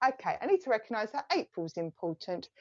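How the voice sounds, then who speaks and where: A woman's voice: medium pitch, sing-song, quick pace, dull audio. A woman with an Essex accent giving a live psychic reading, relaying messages in a chatty, reassuring way. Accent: Essex English. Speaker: psychic medium.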